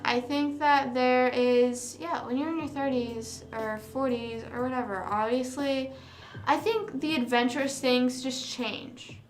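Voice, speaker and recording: A woman's voice: a little high, a bit bright. A young woman hosting a livestream, chatting casually with viewers, rambling and correcting herself with lots of fillers. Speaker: livestream host. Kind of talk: casual chat with live viewers. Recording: roomy sound with music behind. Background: music.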